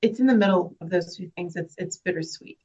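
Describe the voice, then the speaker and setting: A woman's voice: lowish voice, a little fast, mellow, husky, highs cut off. A woman actress talking earnestly and emotionally about her work, laughing through tears at times. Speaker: actress guest. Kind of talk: emotional interview talk.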